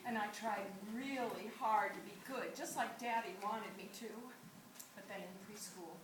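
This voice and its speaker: A woman performing an animated storytelling monologue on a theatre stage, often laughing as she talks. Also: medium pitch, normal speed. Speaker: actor in a solo play. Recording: echoey theatre audio from far off with loud room noise.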